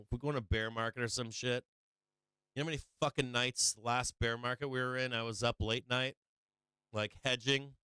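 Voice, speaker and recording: Crude joking man, smooth dry voice. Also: mid-range voice, sharp tone, no room sound. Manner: crude, joking, laughs often, lots of swearing. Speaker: stock market livestream host. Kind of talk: profane casual livestream chat.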